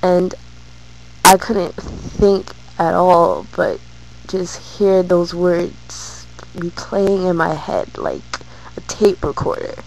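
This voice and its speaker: Woman vlogger telling a personal story, hesitant and halting, lowish voice. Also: animated, gravelly, darkish tone, a little hiss or hum, poor audio. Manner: slow, hesitant, many fillers and restarts.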